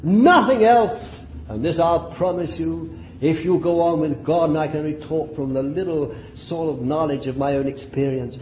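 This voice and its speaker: A man's voice: fairly high pitch, normal speed, highs cut off, slight background noise. A man preaching a fervent sermon, exclaiming and laughing between points.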